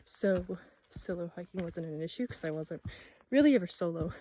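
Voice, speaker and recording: A woman's voice: fairly low pitch, animated, a little fast, hardly any pauses, warm tone. A young woman talking casually to her camera while hiking alone on a forest trail, slightly out of breath and chatty about watching for bears. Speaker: vlogger.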